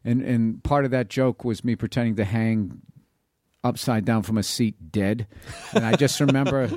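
Man, comedian, rambling casual stories, middle pitch, dry close studio sound. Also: moderate pace, a little mellow, dry recording. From Boston. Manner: rambling, loose storytelling with many fillers. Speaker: comedian guest. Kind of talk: casual podcast conversation.

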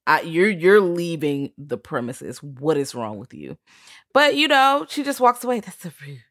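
A podcast co-host rants bluntly about a movie, swearing freely. The voice sits at a middle pitch. It is recorded dry, with no room sound. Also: big pitch swings, unhurried, fairly bright tone, dry recording. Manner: blunt, ranting and profane. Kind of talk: casual film-review chat.

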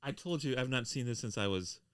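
Middle-aged man co-host, deadpan teasing, crisp bright voice, dry close sound. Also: medium pitch, fairly quick, dry recording. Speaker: podcast co-host. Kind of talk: casual chat.

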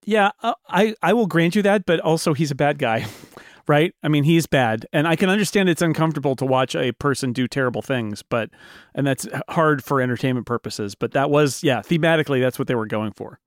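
Animated, laughing male podcast co-host. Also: fairly high pitch, a little fast, no echo, clean studio sound. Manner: animated, laughs often, does mocking quoted voices. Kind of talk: casual chat.

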